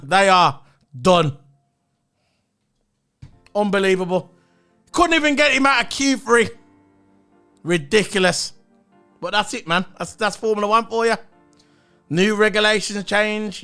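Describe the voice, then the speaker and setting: A man's voice: sits high, measured pace, long pauses, a bit bright, clean tone, soft background music. A man giving a blunt, opinionated solo review of a race, swearing and repeating his points. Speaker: motorsport commentator.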